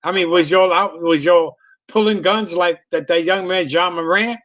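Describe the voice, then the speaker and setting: A man's voice: high voice, moderate pace, fairly bright tone, highs cut off. A man hosting a casual interview, telling loose profane stories with many restarts and repeats. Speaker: host.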